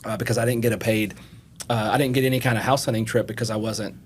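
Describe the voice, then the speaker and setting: Middle-aged Kentucky man, lower voice, animated storyteller, faint rumble. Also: fast talker. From Eastern Kentucky, USA. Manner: animated storyteller, acts out quotes. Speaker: FBI agent, podcast guest. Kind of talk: casual interview storytelling.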